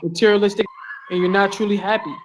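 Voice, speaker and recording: A man with a notably high-pitched voice speaks as a fighter guest on a podcast. He rambles, swears freely and restarts his sentences often, full of fillers. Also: steady tone, fast talker, noisy background. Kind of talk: casual podcast interview. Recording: online call with lag.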